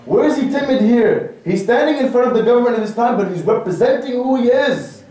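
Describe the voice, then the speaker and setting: A man's voice: very high-pitched, animated, fairly quick, dark tone. A man giving a sermon at a religious gathering, pressing his listeners with rhetorical questions. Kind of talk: Muharram majlis sermon. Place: large mosque hall. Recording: echoey hall, from far off.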